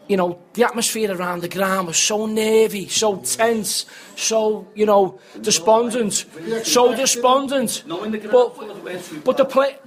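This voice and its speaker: A man earnestly reviewing a match in a casual fan chat, repeating himself. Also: high voice. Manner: earnest, repetitive, stumbling. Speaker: football fan pundit.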